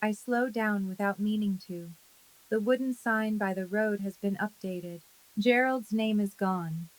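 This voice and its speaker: A woman in her thirties narrating a dramatic first-person story in a calm, measured, quietly intense way. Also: mid-range voice, rough recording.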